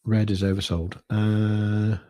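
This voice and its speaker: Slow and level, with a dark, lowish voice, a British man runs a crypto trading livestream, offering casual commentary on charts. He thinks aloud, peppering his talk with fillers.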